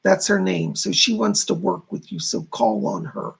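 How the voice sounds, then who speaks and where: A man's voice: high voice, fairly even intonation, moderate pace, gravelly, slightly rough. A man hosting a live stream as a psychic medium, reading viewers' comments aloud and passing on spirit messages in an informal way. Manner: informal, repeats "I gotta tell you".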